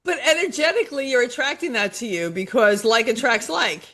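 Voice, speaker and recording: A woman's voice: fairly high pitch, lively intonation, a little fast, fairly bright tone, a little hiss or hum. A middle-aged woman life coach talking in a podcast conversation, enthusiastic and motivational, repeating phrases for emphasis.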